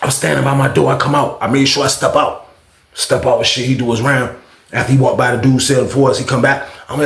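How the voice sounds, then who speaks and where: A man telling a story to camera in a casual monologue, animated and profane, full of street slang, with outbursts that rise in pitch. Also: fast, gravelly, reverberant.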